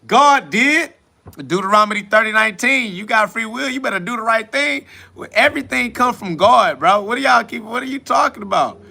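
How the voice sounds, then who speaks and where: A man's voice: very high-pitched, expressive, moderate pace, gravelly, sharp tone. A man hosting a casual livestream, answering chat comments in a mocking, preachy, profane and rambling way. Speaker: livestream host.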